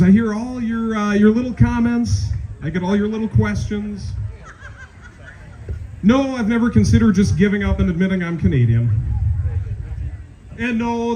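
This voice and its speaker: A man's voice: high voice, mellow, slight background noise, poor audio. A man in his forties with a Minnesotan accent doing a rambling, self-deprecating stand-up set into a close stage mic at a small-town event. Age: 40s. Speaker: stand-up comedian. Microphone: handheld stage mic, held close.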